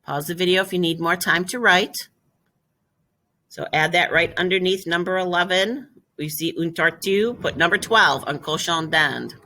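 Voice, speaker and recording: A woman teaching a French vocabulary lesson, explaining step by step and repeating each word slowly and clearly. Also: on the low side, bright, forceful tone. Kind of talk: classroom lesson video.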